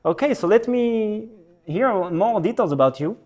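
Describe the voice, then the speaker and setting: A man's voice: sits high, lively intonation, normal speed, a little mellow, pitched above the performer's own voice. A man voicing a sly, menacing four-legged talking snake in a spoken story, with a coaxing, rising tone.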